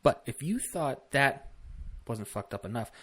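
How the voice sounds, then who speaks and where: A man's voice: mid-range voice, animated, measured pace, a bit bright, husky. A man hosting a casual political commentary vlog, talking bluntly with swearing and rambling asides. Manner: blunt, profane, rambling with fillers.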